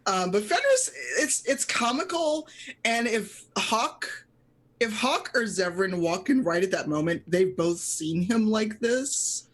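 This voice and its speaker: A woman's voice: mid-range voice, lively intonation, takes it slowly. A woman narrating as game master of a tabletop game, chatty and full of fillers.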